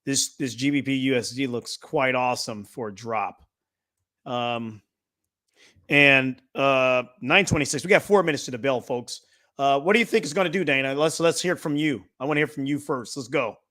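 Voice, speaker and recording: An upbeat man hosts a live trading session, talking in a loose, playful, energetic way. He jokes with the people watching as he works through the charts. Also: mid-range voice, normal speed. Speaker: trading stream host. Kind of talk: casual live-stream chat.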